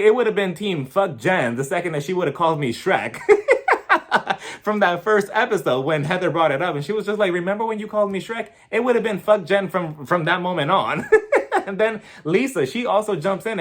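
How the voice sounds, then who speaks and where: A man's voice: high voice, animated, brisk, fairly bright tone. A man chatting casually as he recaps a reality TV episode, gossipy and profane, breaking into laughter. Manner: gossipy, chatty, swears freely, laughs often.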